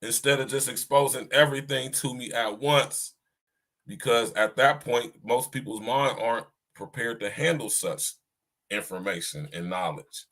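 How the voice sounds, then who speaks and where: A man hosts a solo podcast, delivering a loose, casual monologue about faith directly to his listeners in a bright, forward voice at medium pitch and normal speed. He keeps asking "right?" and repeats and restarts sentences while searching for words.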